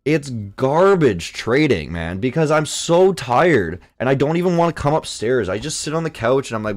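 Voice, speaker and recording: A young man from Canada hosting a live trading stream, chatting casually, reading chat aloud and swearing when excited. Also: medium pitch, moderate pace, few pauses. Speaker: livestream trading host.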